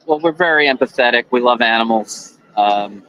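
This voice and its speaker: A man's voice: mid-range voice, normal speed, sharp tone, no room sound, poor audio. A man co-hosting a casual live stream, easygoing and a little hesitant, often restarting his sentences.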